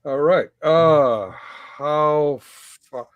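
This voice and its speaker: A man hosting a casual chat show, halting and filling gaps with ums. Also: on the high side, clean tone, no echo, highs cut off. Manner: halting, many ums and uhs. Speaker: host. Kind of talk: casual banter.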